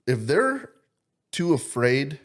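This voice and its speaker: A man's voice: mid-range voice, very animated, slow. A young man co-hosting a podcast in casual, profane banter, joking crudely and swearing constantly. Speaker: podcast co-host.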